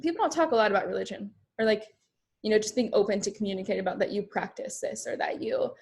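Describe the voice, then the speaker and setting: A young woman runs a casual group coaching session, her voice sitting in a middle pitch. She talks in a chatty, loose way, dropping "like" and "um" as she goes. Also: lively intonation, fast talker, creaky, darkish tone. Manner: chatty, fills speech with "like" and "um". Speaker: personal development coach.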